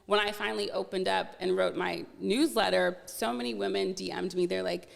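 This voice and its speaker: A woman's voice: medium pitch, fairly quick, vocal fry, long reverb tail. A woman guest on a podcast, chatting candidly and acting out what others said to her, with lots of "like" fillers. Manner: animated, acts out quoted dialogue, many "like" fillers. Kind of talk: casual candid chat.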